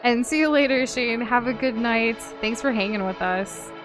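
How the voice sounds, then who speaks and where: A woman's voice: on the high side, moderate pace, over music. A woman co-hosting a gaming stream, chatting casually and greeting viewers, with lots of likes and ums and frequent giggles. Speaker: streamer co-host. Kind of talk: casual chat while gaming.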